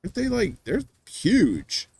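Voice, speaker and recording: A man's voice: high-pitched, wildly swooping pitch, a little slow, creaky, darkish tone, a little hiss or hum. A man hosting a show, chatting casually in a rambling, teasing way with lots of fillers and restarts. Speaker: podcast host. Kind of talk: casual chat.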